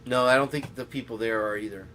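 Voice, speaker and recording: A man's voice: medium pitch, fast talker, a crowd in the background. Rambling jokey male podcast host. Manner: rambling, jokey, often laughs at himself. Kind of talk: rambling casual podcast chat.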